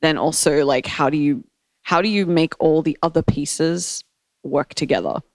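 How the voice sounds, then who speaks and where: A young Australian woman with an Australian accent, a guest in a casual chat, bubbly and quick to laugh, with lots of "like". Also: sits low, darkish tone, dry recording. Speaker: guest, artist developer. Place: home set.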